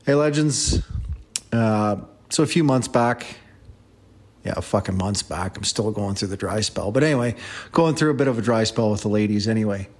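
A man sending a casual voice message, telling a story in a laid-back, halting way with lots of fillers. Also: lowish voice, slight background noise. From Canada.

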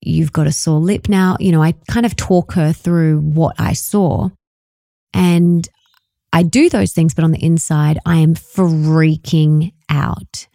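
Warm-voiced young woman podcast host. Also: lowish voice, dry recording, studio quality. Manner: expressive, personal storytelling. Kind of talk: podcast interview conversation.

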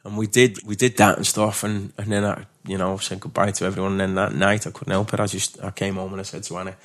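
Male guest, lowish pitch, loose rambling anecdotal delivery. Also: flat delivery, fast, a bit bright. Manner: rambling, repeats words, swears. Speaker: actor guest. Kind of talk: casual anecdotal chat.

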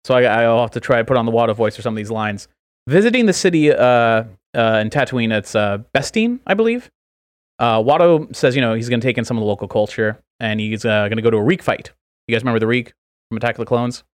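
A man co-hosting a podcast who spins out a long joke, wandering through fillers and restarts at an ordinary pitch. His voice is close on a microphone and completely dry. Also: expressive, fast talker, dry recording. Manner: rambling, filler-heavy storytelling. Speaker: podcast co-host. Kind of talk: casual podcast chat, telling a long joke.

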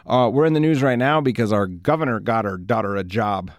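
This solo podcast host from South Dakota, USA, has a lowish voice and speaks fairly quickly, recorded dry with clean studio sound. His casual show is rambling and jokey, full of stories, self-deprecating humor, and silly voices.

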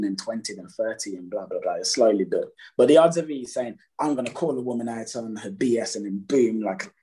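Male dating coach, husky and mellow tone, emphatic, acts out his examples. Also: mid-range voice, rough recording. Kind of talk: casual advice chat.

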